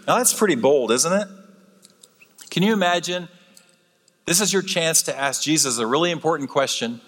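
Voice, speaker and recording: A man's voice: on the high side, moderate pace, long pauses. Man preaching in a reverberant church. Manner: animated, acts out quoted voices. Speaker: guest preacher. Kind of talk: sermon. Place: church sanctuary.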